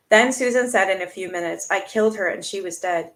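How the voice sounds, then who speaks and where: A woman's voice: mid-range voice, fairly quick, few pauses, fairly bright tone. A woman hosting a live stream, reading a book aloud and breaking off to react bluntly to her viewers, often swearing. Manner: blunt, swears freely, greets chat viewers. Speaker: host.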